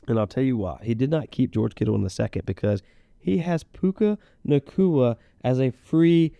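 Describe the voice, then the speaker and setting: A man's voice: medium pitch, sing-song, normal speed, gravelly, no room sound, highs cut off. A man co-hosting a podcast in a casual, rambling chat with playful teasing. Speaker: podcast co-host. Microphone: podcast mic.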